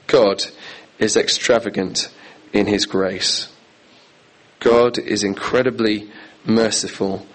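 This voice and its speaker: A man's voice: fairly low pitch, slightly rough, rough recording. A man preaching a sermon in an earnest, emphatic way, repeating key phrases.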